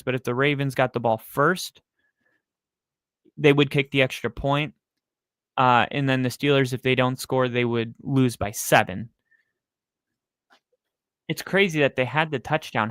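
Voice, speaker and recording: A man hosting a live football reaction stream. He talks through the games casually and gets excitable, swearing and shouting when big plays happen. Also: mid-range voice, measured pace, long pauses, no room sound. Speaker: livestream host.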